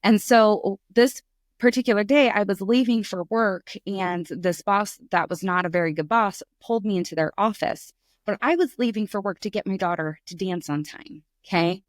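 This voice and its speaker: A middle-aged woman, a podcast guest, telling a candid story in conversation, lively and acting out the voices in it. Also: on the low side, no room sound, clean studio sound. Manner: animated, acts out voices in her stories.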